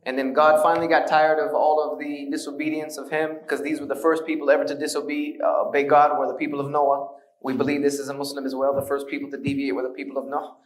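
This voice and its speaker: A man's voice: fairly high pitch, flat delivery, quick pace, distant mic. Man lecturing in an echoey hall. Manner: storytelling, earnest with wry humor. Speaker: speaker giving a lecture on his conversion. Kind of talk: conversational lecture.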